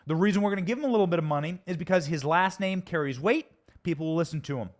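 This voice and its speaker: A man's voice: fairly high pitch, very fast, natural voice. A man voicing a scheming male official who talks bluntly and scornfully about using someone for dirty deals.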